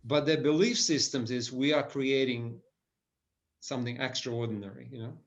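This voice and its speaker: Male business speaker, mid-range pitch, eager and rambling lecture delivery, slightly muffled recording. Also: fairly even intonation, moderate pace. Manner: enthusiastic, frequent restarts and "right?" tags.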